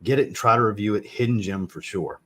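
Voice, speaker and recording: A man with a fairly low voice chats casually on a home livestream. He answers viewers in a blunt, joking way and swears freely. He sounds like a man in his thirties. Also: quick pace, fairly bright tone, slightly rough. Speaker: fragrance reviewer hosting a live chat. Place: home room with a fragrance shelf.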